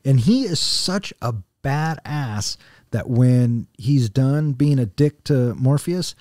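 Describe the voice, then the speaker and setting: A man co-hosting a casual movie review podcast, relaxed and blunt, swearing now and then. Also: mid-range voice, slow pace, dry recording, clean studio sound. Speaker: podcast co-host.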